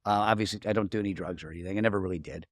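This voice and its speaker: Deep-voiced and rapid-fire, this middle-aged marketing coach is a podcast guest, recorded in a clean studio with no room sound. In casual interview talk, he earnestly tells personal stories, restarting often.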